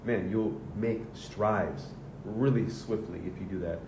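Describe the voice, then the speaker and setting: A men's coach from the Southern US delivers a casual, earnest motivational monologue, swearing freely. He speaks a little slowly and is recorded from a distance in an echoey room with rumbling noise.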